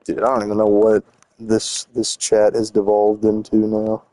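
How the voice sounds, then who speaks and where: A young man rambling through a casual live stream, teasing his chat with a slangy "bro" here and "dude" there. His voice is mellow and warm. The sound is dry and close, with no room around it. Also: on the low side, monotone, moderate pace, no echo.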